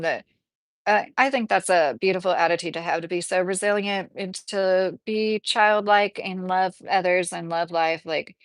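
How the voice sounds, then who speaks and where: A woman's voice: fairly low pitch, fairly even intonation, moderate pace, no room sound. A woman with a Kentucky accent hosting a livestream, chatting in a rambling way with lots of fillers. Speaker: livestream host. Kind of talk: casual livestream chat.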